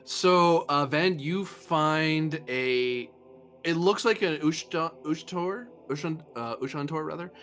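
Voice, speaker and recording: A man's voice: a little high, a bit bright, soft background music. A man running a sci-fi tabletop game as game master, narrating scenes and rulings with frequent "uh" fillers and laughs. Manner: laughs often, fills pauses with uh. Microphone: streaming mic.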